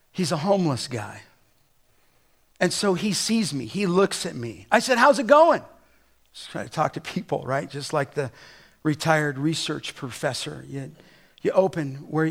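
A middle-aged male pastor preaching a sermon, building to emphatic exhortations and breaking into personal stories. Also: a little high. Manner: emphatic preaching with rising exhortations and storytelling asides.

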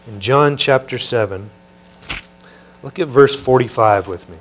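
A man's voice: medium pitch, unhurried. A man preaching a teaching sermon in a conversational way, often asking his listeners questions. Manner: conversational, asks the room questions. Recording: mains hum behind voice.

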